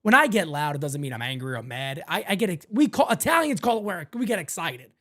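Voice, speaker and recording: A man hosting a fan live stream, ranting about sports in a loud, excitable way. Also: a little high, a little fast.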